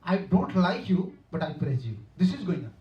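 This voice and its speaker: A man's voice: sits high, very animated, moderate pace, muffled recording. A man giving a devotional lecture as a spiritual teacher, telling stories earnestly, repeating himself and chuckling, recorded from a distance in a hall. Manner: earnest, repetitive, chuckling storyteller. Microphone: room mic, far off.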